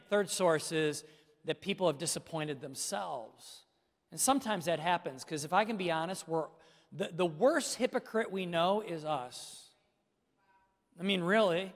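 A man's voice: high-pitched, fairly bright tone, in a large hall. A middle-aged male pastor preaching a sermon with emphasis, speaking straight to his congregation. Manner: emphatic preaching, addresses listeners directly.

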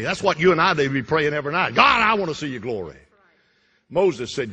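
A man preaching a fervent sermon, repeating lines and swinging from loud bursts to hushed drops. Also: fairly high pitch, sing-song, fast talker, slightly rough. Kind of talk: Pentecostal-style sermon. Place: church sanctuary. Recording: reverberant church hall.

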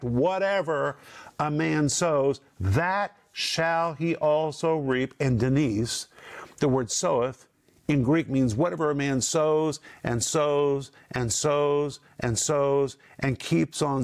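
A man's voice: medium pitch, darkish tone. Emphatic man teaching scripture. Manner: emphatic, repeats phrases with slowed stress. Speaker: Bible teacher. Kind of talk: teaching on a Christian talk program.

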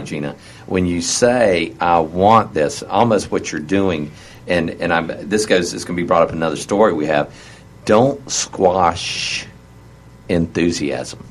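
A man's voice: sits low, slight background noise. A middle-aged man hosting a casual talk show about relationships, often restarting his sentences. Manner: halting, many restarts.

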